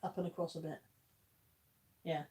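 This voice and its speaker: A woman's voice: low-pitched, little pitch movement, normal speed, dark tone. A woman hosting a casual live stream, chatting and reading out viewer comments with frequent laughter. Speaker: livestream host.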